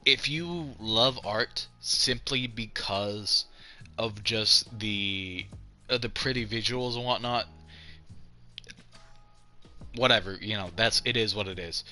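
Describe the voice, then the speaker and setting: A man's voice: fairly low pitch, slow, long pauses, pushed and bright, soft background music. A man casually commenting while playing a game, rambling and swearing, often restarting sentences and reading game text aloud. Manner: rambling and profane, frequent restarts.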